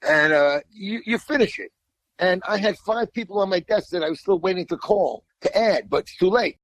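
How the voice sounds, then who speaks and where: A man's voice: high voice, moderate pace, no room sound, poor audio. Rambling older man. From New York. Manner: rambling storyteller, repeats words, colorful and blunt. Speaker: guest musician. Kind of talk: casual interview chat.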